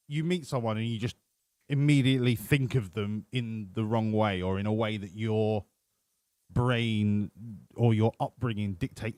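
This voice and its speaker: A man's voice: mid-range voice, a little mellow, dry recording. A man commentating his game livestream, joking and swearing as he banters with his chat. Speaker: streamer. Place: home room.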